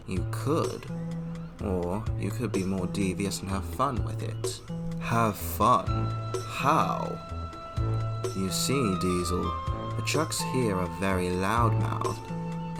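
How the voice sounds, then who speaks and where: A man voicing a crowd of talking train engines in a fan audio drama, trading prim, squabbling lines as he switches between them. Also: lowish voice. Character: several talking steam and diesel engines, all male.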